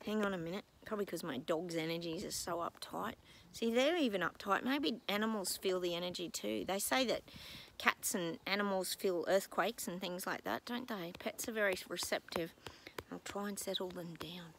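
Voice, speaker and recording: A woman's voice: mid-range voice, normal speed, background noise. A woman psychic talking in a casual vlog from home, rambling and exasperated, breaking off with apologetic asides. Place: at home with her dogs.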